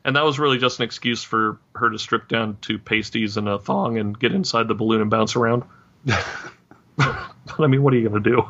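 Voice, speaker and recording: A man hosting a podcast, chatting casually in an animated, rambling way with laughs and fillers. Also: mid-range voice, a little fast, highs cut off. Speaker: podcast host. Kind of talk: casual chat.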